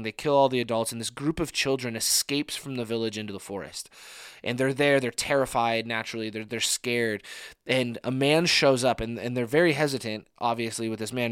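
A man's voice: mid-range voice, fairly bright tone, smooth, dry recording, clean studio sound. A man preaching a conversational sermon, earnest and informal, often restarting his phrases.

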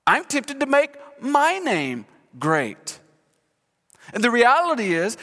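A male pastor preaching a sermon to a congregation in a church, animated and acting out quoted speech, leading the room in call-and-response. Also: very high-pitched. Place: church sanctuary. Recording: long hall reverb in church.

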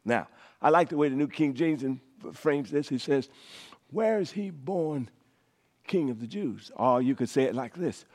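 A male pastor preaching a sermon, repeating phrases for emphasis and moving from loud declarations to hushed whispers. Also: on the high side.

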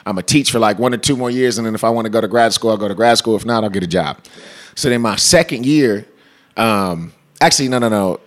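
Laughing storyteller from California. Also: male voice, fairly low pitch, quick pace. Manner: animated, slangy, laughs often. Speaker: interview guest. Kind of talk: casual storytelling.

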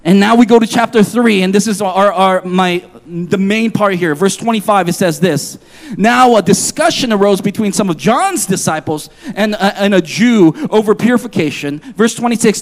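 A man in his forties preaching a sermon, reading scripture and telling a personal story in an animated, joking way. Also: high-pitched, normal speed. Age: 40s. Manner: animated, jokey, confessional storytelling. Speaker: pastor.

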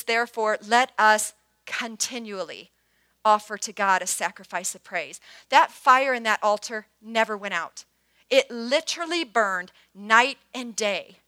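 A woman in her fifties preaching a sermon, earnest, moving from hushed prayer to emphatic bursts. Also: a little high, no room sound. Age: 50s. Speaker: pastor.

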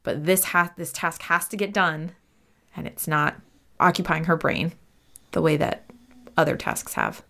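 A woman's voice: low voice, measured pace, gravelly, pauses often, pushed and bright. A woman playing a tabletop role-playing game, chatting casually and describing her character's actions in detail. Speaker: player.

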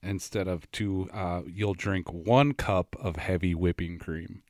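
A man co-hosting a podcast, animated and quick to laugh, often restarting his sentences. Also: sits low, no echo, studio quality. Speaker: podcast co-host. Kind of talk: casual chat.

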